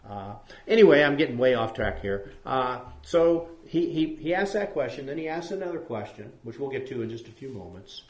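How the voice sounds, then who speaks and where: A man's voice: medium pitch, animated, fairly quick, few pauses. A man teaches scripture to a small group, his voice sitting in the middle range. He wanders into side stories and keeps asking questions. The room around him rings with echo. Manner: rambling, asks the group questions, many fillers. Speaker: Bible teacher. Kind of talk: conversational Bible study sermon. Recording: echoey room.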